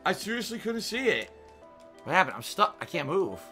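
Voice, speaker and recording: A man shouts and curses his way through a game, his voice high and sharp, swooping up into yelps and dropping low to mutter. He breaks into sing-song teasing now and then. Game music plays faintly behind him. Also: sing-song, moderate pace. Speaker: gaming streamer. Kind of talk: frustrated game commentary.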